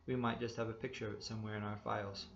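A man's voice: fairly low pitch, level tone, rapid-fire, vocal fry, highs cut off. A man reading a story aloud, voicing a stern, bullying motorcycle policeman who barks and snaps his questions. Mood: gloating threat. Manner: barking, sharp, snapping.

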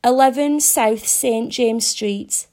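A woman's voice: on the high side, slow, warm tone. A woman doing a mild, polite male writer. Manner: polite, simple, then protesting.

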